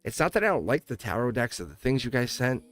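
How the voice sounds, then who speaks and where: A tarot reader hosting a livestream talks fast in a medium-pitched, fairly bright, very animated voice with no echo. He rambles casually, chuckles often, and restarts sentences, with faint music in the background.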